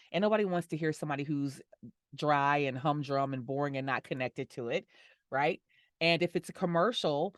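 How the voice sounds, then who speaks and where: A middle-aged woman, a voice actor and audio description narrator, answering interview questions in a warm, smiling way and laughing easily. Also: low-pitched, dry recording, clean studio sound.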